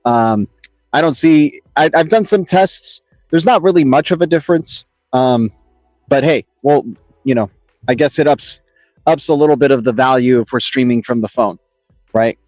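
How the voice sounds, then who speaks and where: A man hosts a casual crypto livestream from his Los Angeles home, rambling cheerfully and greeting viewers by name. His voice is mid-range and darkish at a normal speed, picked up by an external mic plugged into his phone. The stream sounds dull and lo-fi, with music and no echo.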